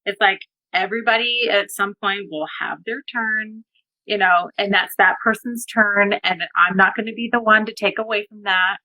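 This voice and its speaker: A woman in her thirties chatting as a guest, encouraging and chatty, with a warm supportive tone. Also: medium pitch, fairly even intonation, moderate pace, no echo, low-quality recording. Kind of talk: casual chat.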